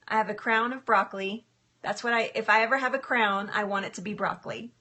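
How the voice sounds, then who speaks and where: A woman's voice: mid-range voice, brisk, pushed and bright. A woman hosting a casual live stream, bubbly and giggly, chatting to viewers by name from her kitchen. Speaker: livestream host, health coach. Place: home kitchen. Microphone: phone camera.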